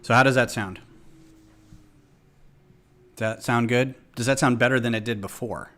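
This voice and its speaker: A man's voice: medium pitch, fairly even intonation, normal speed, fairly bright tone. A man hosting a casual live stream at his home building table, thinking aloud with jokey asides, close to a desktop microphone. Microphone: desktop USB microphone close to the speaker. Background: ambient music from a laptop.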